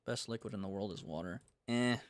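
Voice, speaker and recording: A man's voice: lowish voice, fairly quick, no room sound, clean studio sound. A young man from the United States chatting casually on a game-dev livestream, rambling and laid-back, full of slang. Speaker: game developer streaming.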